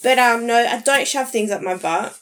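A woman's voice: a little high, moderate pace, a bit bright. A woman co-hosting a casual podcast, candid and chatty, laughing often. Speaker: podcast co-host.

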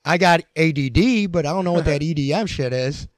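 A man's voice: a little high, fast, crowd noise. A man telling a casual story to friends in a laid-back, swearing way. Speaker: contestant.

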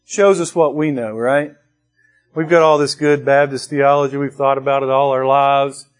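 A man's voice: medium pitch, level tone, moderate pace, faint music behind. A man preaching a sermon to his congregation in a conversational way, with restarts and bursts of rising emphasis. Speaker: pastor.

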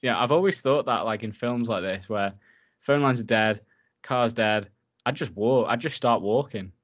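A man's voice: medium pitch, normal speed, highs cut off. A man casually recapping a horror film for his co-host, enthusiastic and swearing freely. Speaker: podcast co-host.

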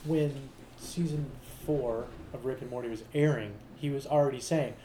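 A man's voice: medium pitch, steady tone, moderate pace, mellow, roomy sound, a little hiss or hum, poor audio. A man co-hosting a casual podcast chat, loose and repetitive, swearing casually. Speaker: podcast co-host.

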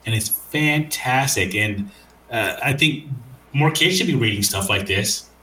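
A man's voice: mid-range voice, lively intonation, measured pace, sharp tone, roomy sound, low-quality recording. A man hosting a casual conversation, enthusiastic and rambling, with frequent hesitations.

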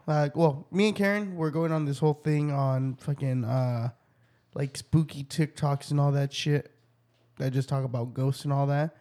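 A man in casual crude banter, telling stories with lots of laughter and profanity. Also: a little high. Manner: storytelling, laughing, lively swings.

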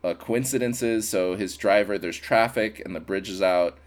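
A man co-hosting a podcast, recapping a film in casual chat with wry, deadpan build-ups and laughter. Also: lowish voice, normal speed. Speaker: podcast co-host.

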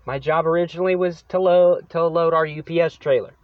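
A man's voice: a little high, steady tone, brisk, dry recording, muffled recording. A man hosting his own podcast, venting about a coworker in a profane, sarcastic solo rant. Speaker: podcast host.

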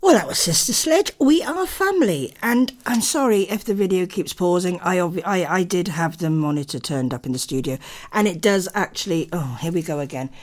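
A woman's voice: fairly low pitch, expressive, brisk. A woman hosting a live radio chat show from a studio, chatting in a rambling way with apologetic asides.

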